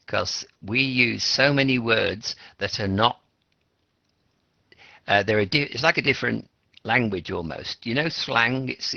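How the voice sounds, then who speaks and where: A man's voice: lowish voice, creaky, bright, forceful tone, no echo. A middle-aged Australian man teaching an English class, explaining patiently and asking students questions. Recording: lo-fi classroom recording.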